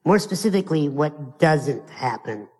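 A man's voice: on the high side, animated, unhurried, darkish tone, breathy edge, big-room sound. An American man giving a live motivational keynote, telling stories playfully and speaking straight to his audience. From United States.

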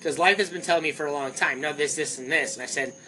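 A young man co-hosting a podcast, telling stories in animated casual chat and swearing freely. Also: a little high, quick pace, slight background noise, rough recording. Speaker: podcast co-host.

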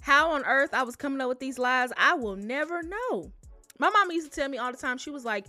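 Young woman spilling stories, bright voice, kinda high, soft music in the back. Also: fairly quick, dry recording. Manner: animated, addresses listeners as y'all. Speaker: storyteller. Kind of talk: casual storytelling to camera.

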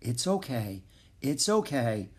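A man voicing Jack, a thoughtful young boy who talks softly and soothingly to a horse. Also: medium pitch, slow pace. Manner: soft, calm, soothing.

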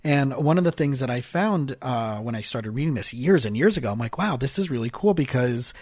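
A man hosting a podcast as a marriage and family therapist, talking in a casual, animated way with frequent restarts and fillers. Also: medium pitch, fairly quick, dry recording, clean studio sound.

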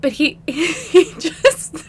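A woman co-hosting a casual podcast, telling a story in an animated way and acting out what people said. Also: high-pitched, very slow, a little hiss or hum. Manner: animated storytelling, acts out quotes. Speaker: podcast co-host. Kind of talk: casual chat.

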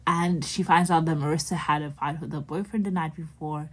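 Husky-voiced woman rambling through a recap. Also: sits low, fairly even intonation, fairly quick. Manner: rambling, chatty, full of "like" and self-corrections. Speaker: podcast host. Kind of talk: casual TV show recap.

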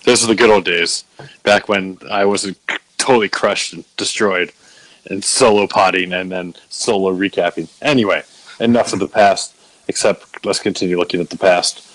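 A male podcast host rambling through a casual recap with plenty of swearing and self-mockery. His voice is fairly low. The sound is close and dry. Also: fairly even intonation, normal speed, a bit bright, no room sound, low-quality recording. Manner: profane, self-mocking, rambling with restarts.

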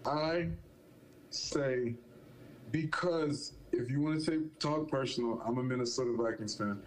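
A man co-hosting a casual football podcast, speaking deliberately as he lays out a bold prediction and a wager. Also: medium pitch, slight background noise, rough recording. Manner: deliberate, making bold claims. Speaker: podcast co-host, Vikings fan. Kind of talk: casual sports banter.

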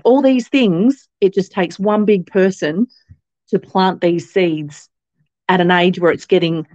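A fairly low-pitched woman with an Australian accent guests on an interview podcast as a company founder. She's a chatty storyteller who fills and restarts a lot and quotes others in animated voices. The recording is dry and muffled.

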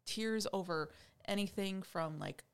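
A woman's voice: medium pitch, a little slow, clean tone. A woman who teaches English, talking casually on a podcast with plenty of fillers and easy laughter. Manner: chatty, lots of fillers, laughs easily.

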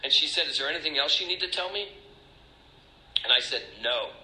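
A man's voice: on the high side, expressive, fairly quick, bright, forceful tone, reverberant, poor audio. A middle-aged man speaking as a recovery speaker, emotional and confessional, rambling with restarts. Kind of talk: personal testimony talk.

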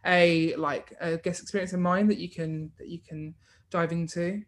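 A man's voice: on the high side, little pitch movement, moderate pace. A man hosting a podcast, chatting casually and enthusiastically with his guest, peppering his speech with "like". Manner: enthusiastic, lots of fillers like "like". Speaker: podcast host. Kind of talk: casual interview chat.

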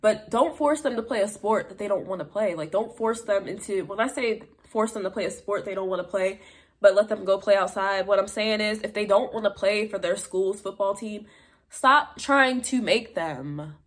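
A woman's voice: mid-range voice, moderate pace. A young woman hosting her own show, talking straight to the camera in a loose, unscripted way. She is blunt and chatty, and she fills her speech with asides. She calls her audience "y'all.". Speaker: podcast host. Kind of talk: casual monologue to viewers.

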